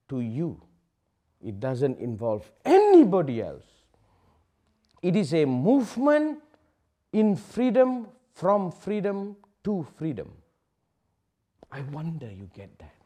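A man giving a public spiritual talk, asking rhetorical questions and swinging from loud declarations to hushed asides. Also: fairly high pitch. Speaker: spiritual teacher.

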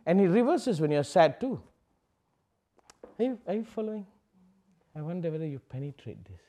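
A man giving a public spiritual talk, asking rhetorical questions and swinging from loud declarations to hushed asides. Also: on the high side, sing-song, moderate pace. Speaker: spiritual teacher.

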